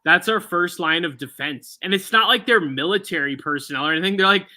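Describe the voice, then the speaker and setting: A man with a high, very bright voice, telling stories in loose podcast chat. He talks in a rambling, profane way, full of asides. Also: fairly quick. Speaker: podcast co-host. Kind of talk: casual chat.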